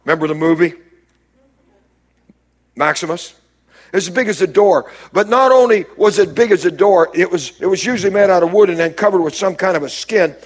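A man preaching a sermon as a pastor, dropping low and quiet and then rising to emphatic, raised lines. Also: fairly quick.

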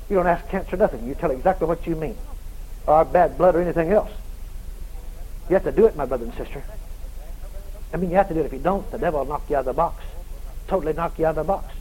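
A man preaching a revival sermon, shouting and hammering phrases over and over, then dropping quiet. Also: on the high side, breathy edge, low-quality recording. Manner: shouting, emphatic repetition, swings loud and quiet.

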